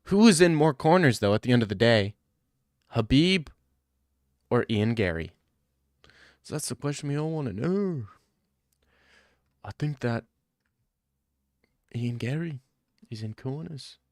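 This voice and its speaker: A man's voice: medium pitch, lively intonation, unhurried, long pauses, no echo, studio quality. A man hosting a casual podcast chat, rambling and joking in loose banter.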